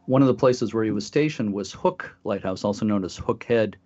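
This podcast co-host has a lowish, slightly mellow voice and talks a little fast. Telling a story on the talk show, he's casual, with plenty of fillers and false starts, all captured in dull lo-fi sound.

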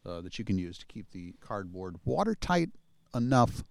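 Middle-aged man, casual storyteller, halting, chuckling, animated pitch, dry recording. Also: gravelly, no room sound. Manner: rambling, halting, chuckles often. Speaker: podcast co-host telling a story.

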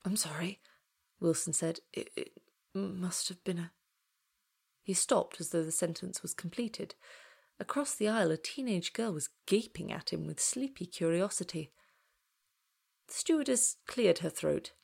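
A woman narrates a horror story with dramatic delivery, often sinking to a whisper. Her voice sits on the lower side. It carries a noticeable vocal fry.

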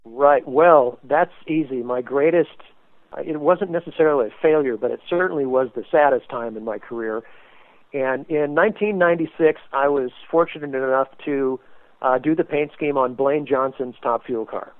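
A man guest telling a story in an animated way, acting out quotes with sudden loud bursts, as a race car paint designer. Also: mid-range voice, moderate pace, no room sound. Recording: tinny phone-like line, dry.

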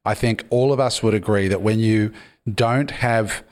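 A man's voice: lowish voice, steady tone, moderate pace. A man hosting a podcast interview, steering with questions. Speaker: podcast host. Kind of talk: casual interview.

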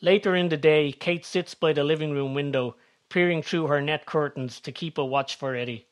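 A man narrating a scripted story, reading steadily and descriptively. His voice sits slightly high for a man. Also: moderate pace.

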